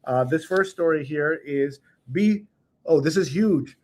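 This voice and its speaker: A man's voice: on the high side, measured pace. A middle-aged man hosting a casual news discussion, chatty and storytelling, often laughing. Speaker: host.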